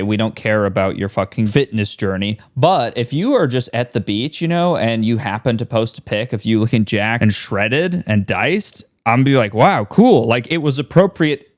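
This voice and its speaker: A man giving a casual, blunt reaction rant, sarcastic and full of swearing. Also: fairly low pitch. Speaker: reaction commentator. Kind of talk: casual ranting commentary.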